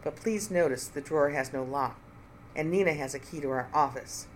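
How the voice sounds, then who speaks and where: A reader voicing a composed female professor in her fifties who speaks flatly and coldly. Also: mid-range voice, normal speed, a little hiss or hum, natural voice, rough recording. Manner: flat, calm and cold.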